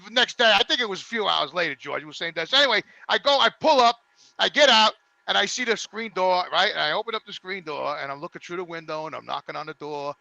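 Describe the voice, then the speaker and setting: A man with a very high, gravelly voice tells a story in a casual panel chat. He is animated and profane, stammering as he restarts his sentences. The tone is bright and sharp, and the sound is dry and close. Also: quick pace, no echo. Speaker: regular panelist.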